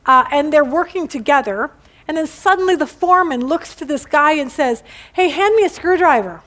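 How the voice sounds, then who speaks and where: A woman's voice: high voice, a bit bright. A middle-aged woman teaching a casual Bible study to a group, chatty and playful, acting out quotes in funny voices.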